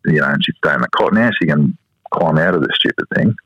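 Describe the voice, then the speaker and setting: A very low-pitched Australian man in his fifties, telling stories as a guest in lively, swinging tones. The recording is dry and slightly dull. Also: fast talker, no echo. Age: 50s. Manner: storytelling, mimics his children in a high voice. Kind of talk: casual interview chat. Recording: slightly dull podcast audio.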